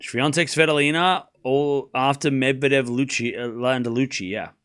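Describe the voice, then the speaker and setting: A man's voice: medium pitch, normal speed, fairly bright tone, clear, resonant tone. Chatty man calling tennis on a stream. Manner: chatty and self-mocking, stumbles over names. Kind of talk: casual play-by-play watchalong commentary.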